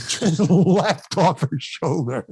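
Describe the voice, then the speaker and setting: A man's voice: on the high side, vocal fry, a little mellow, breathy edge, no echo. Older man telling a rambling story, dry sound. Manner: rambling storyteller, acts out quotes, laughs often, swears. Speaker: actor guest. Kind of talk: anecdote in podcast interview.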